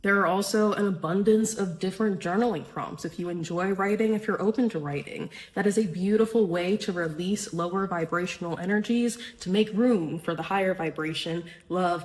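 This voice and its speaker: A woman's voice: mid-range voice, low-quality recording. Earnest woman hosting a spiritual podcast. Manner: warm, earnest, casual with swearing, frequent "right?". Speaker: podcast host. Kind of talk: spiritual self-help podcast talk.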